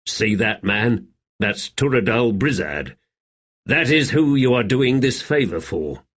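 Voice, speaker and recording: A man voicing a brisk, matter-of-fact manservant in an audiobook. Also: mid-range voice, animated, fairly bright tone, slightly rough, heavily acted.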